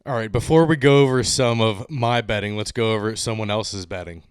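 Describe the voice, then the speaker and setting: A man hosting a casual sports podcast, chatting loosely, laughing often and slipping into lively rants. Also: lowish voice, a little fast, smooth, soft background music. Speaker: podcast host.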